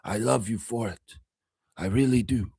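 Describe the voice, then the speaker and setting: A man voicing an aging mafia boss in a slow, hushed, mumbling impression. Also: medium pitch, gravelly, breathy edge, no echo, clean studio sound. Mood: quietly menacing. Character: aging mafia don, soft-spoken and menacing.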